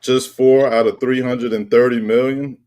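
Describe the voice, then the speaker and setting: A man's voice: medium pitch, level tone, moderate pace, a little mellow. A male host in casual chat, blunt and joking, with plenty of slang.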